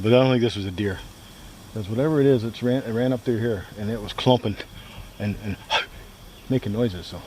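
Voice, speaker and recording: Rambling man at a woodland campsite. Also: fairly low pitch. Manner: rambling, repeats himself, relaxed chatty. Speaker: outdoor vlogger. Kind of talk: casual solo camping vlog. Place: campsite in the woods, outdoors. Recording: outdoor recording with steady background noise.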